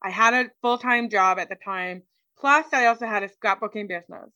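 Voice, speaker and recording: A woman's voice: medium pitch, brisk, bright, forceful tone, dry recording, low-quality recording. A woman guest in an interview, chatting casually through a personal story and acting out what people said to her. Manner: chatty, acts out quoted dialogue, many "like"s.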